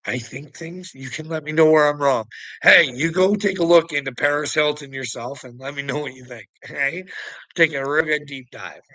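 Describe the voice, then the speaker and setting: A man's voice: fairly high pitch, sharp tone, no room sound, rough recording. A man delivering a profane, taunting rant to the camera, often breaking into laughter. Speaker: online commentator. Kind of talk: ranting monologue to camera.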